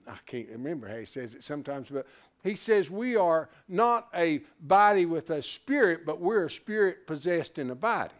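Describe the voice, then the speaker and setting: Speaking at a fairly high pitch and normal speed, a man leads a Bible class with animation, posing rhetorical questions and restarting his words as he thinks aloud.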